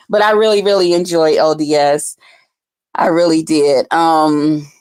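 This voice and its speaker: Woman vlogger, mid-pitched voice, blunt and profane, breaks into loud excited outbursts. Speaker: vlogger reviewing a livestream contest. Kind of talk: casual commentary.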